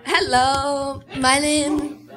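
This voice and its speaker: A woman from Texas tells a playful story at an unhurried pace. Her voice is slightly high, and she takes her time. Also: flat delivery, fairly bright tone. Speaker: guest storyteller. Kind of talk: casual storytelling.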